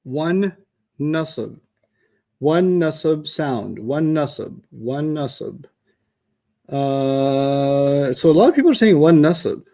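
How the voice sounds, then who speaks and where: A man runs an online class in a quick, teasing way. His voice sits a little high for a man. He jokes with his students between points. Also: lively intonation, warm tone. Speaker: teacher.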